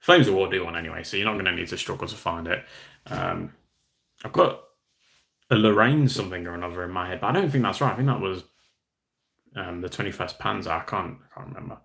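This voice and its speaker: A man's voice: low voice, fast, gravelly, a bit bright. A man hosting a casual live stream, chatting in a rambling, self-deprecating way while answering viewer comments. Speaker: livestream host.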